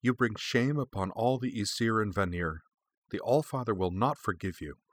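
A man's voice: lowish voice, normal speed, lightly acted. A man voicing a proud, stern male god prince who speaks in a cold, formal hiss. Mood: cold anger.

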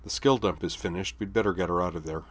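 A man reading a story aloud, voicing a young woman scientist in a raised, brightened voice. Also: sits low, fast, no echo. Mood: wry.

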